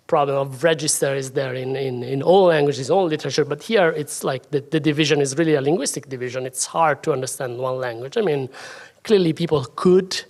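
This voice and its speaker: Lecturer thinking aloud. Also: medium pitch. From Italy. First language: Italian. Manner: thinking aloud, self-deprecating asides. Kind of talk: academic talk.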